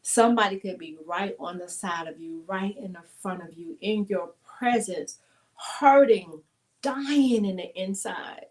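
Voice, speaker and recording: A woman's voice: mid-range voice, unhurried, darkish tone. A middle-aged woman hosting an emotional panel talk, speaking in an earnest, heartfelt, rambling way over a video call. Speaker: talk show host.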